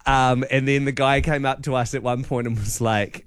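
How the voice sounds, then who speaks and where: A man's voice: mid-range voice, fairly even intonation, normal speed, dry recording. A young man, co-hosting a radio show in playful, laughing banter from a studio microphone. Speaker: radio host. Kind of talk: casual radio chat.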